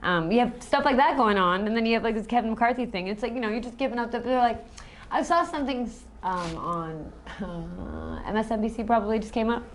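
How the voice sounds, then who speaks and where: A woman's voice: a little high, brisk, a little hiss or hum. Giggly woman podcast co-host. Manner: giggly, reactive, easily amused. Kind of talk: casual chat.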